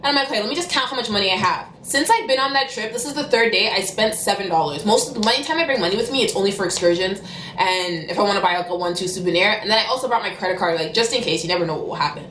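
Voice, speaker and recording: A young woman telling a storytime vlog. She talks fast and animatedly, and bursts into loud cussing. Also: medium pitch, echoey room, a little hiss or hum. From Canada. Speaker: vlogger.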